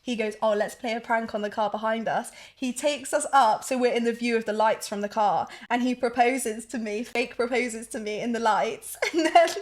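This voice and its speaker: A woman's voice: fairly high pitch, moderate pace, hardly any pauses. A young woman, co-hosting a podcast and gushing through a personal story in casual chat. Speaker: podcast co-host.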